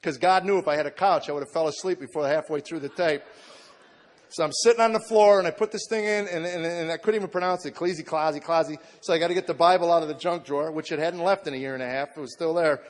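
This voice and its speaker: A man's voice: fairly high pitch, fairly even intonation, fast talker. A man in his forties telling a heartfelt personal story to a live audience, acting out what others said to him. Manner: earnest storytelling, acts out quoted voices. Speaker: comedian giving testimony. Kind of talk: spoken testimony to a live audience. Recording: long hall reverb.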